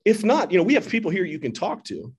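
A man putting on a hospital nurse in a raised, soft, careful voice. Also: sits high, big pitch swings, fast talker, slightly rough, pitched above the performer's own voice, heavily acted. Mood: concerned. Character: calm hospital nurse, gently concerned.

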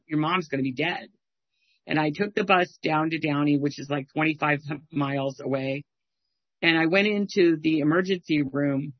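A woman in her sixties telling a candid personal recovery story in a halting way, acting out the people she quotes. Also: low-pitched, no room sound. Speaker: speaker sharing a recovery story. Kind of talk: personal testimony. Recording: dry, dull lo-fi sound.

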